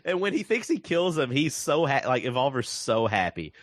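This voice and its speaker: A man's voice: mid-range voice, moderate pace, no room sound. Podcast co-host, male, casual movie chatter, laughs a lot, dry close mic. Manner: laughs often, animated retelling with put-on quotes.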